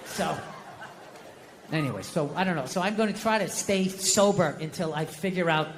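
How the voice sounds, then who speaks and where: A middle-aged man doing a stand-up comedy set, animated and swearing as he rants. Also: fairly high pitch, moderate pace, in a large hall, a little hiss or hum.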